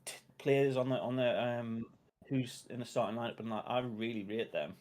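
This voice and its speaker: A man with a Sunderland accent hosts a casual football watch-along stream, chatting loosely with viewers and laughing often. His mid-range voice is a little mellow, with fairly even intonation and a moderate pace.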